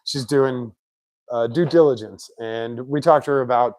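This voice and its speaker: A man chatting casually in his home garage shop, telling lively anecdotes and mimicking the people in them. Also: mid-range voice, normal speed, a little hiss or hum. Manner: chatty, animated anecdotes with put-on quotes. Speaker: shop owner, car builder. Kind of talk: casual storytelling.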